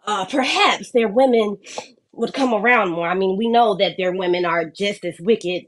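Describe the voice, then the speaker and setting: A woman's voice: mid-range voice, moderate pace, slight background noise. Mocking female caller. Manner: mocking, laughing at her own remarks. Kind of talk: call-in commentary.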